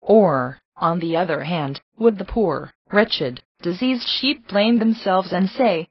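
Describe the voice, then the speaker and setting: Woman, low husky voice, earnest devotional reading, dry dull lo-fi recording. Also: slow, hardly any pauses, no room sound. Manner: earnest, pleading, steady. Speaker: reader of a devotional text. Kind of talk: read devotional address.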